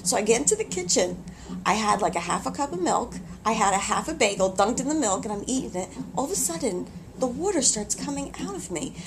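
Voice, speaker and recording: A woman in labor in a hospital room tells her story in casual, animated, exclamatory speech with frequent laughs, recorded on a handheld camcorder's built-in mic. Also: a little high, a little fast, creaky, background noise. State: having contractions.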